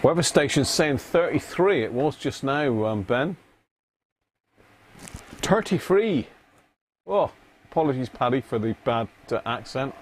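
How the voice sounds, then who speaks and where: A man hosts a casual live stream, greeting viewers by name and muttering to himself as he works. His voice sits at an ordinary middle pitch. A faint hum of room ambience runs underneath. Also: moderate pace, few pauses. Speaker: live-stream host repairing electronics. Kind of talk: casual live-stream chat while working.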